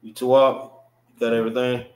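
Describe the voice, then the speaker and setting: A man teaching an informal class, explaining words slowly, often checking in with "all right" and speaking. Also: medium pitch, level tone, a little mellow, echoey room, rough recording. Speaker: class instructor.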